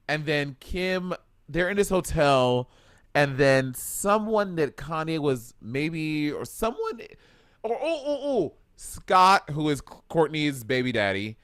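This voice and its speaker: Animated, gossipy man from Saint Lucia. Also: a little high, clear, resonant tone, dry recording, clean studio sound. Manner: animated, gossipy storytelling with quoted asides. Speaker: podcast co-host. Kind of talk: casual chat.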